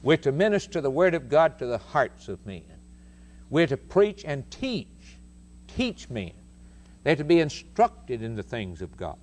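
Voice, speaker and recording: A man's voice: medium pitch, big pitch swings, measured pace, a little mellow. A man preaching a sermon, emphatic and stressing points by repeating phrases.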